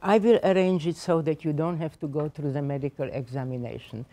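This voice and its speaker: A woman's voice: low voice, steady tone, a little fast, mellow, close to an everyday voice. An older woman quoting a stern female camp guard in a curt, commanding way while telling her story. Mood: firm, coaxing.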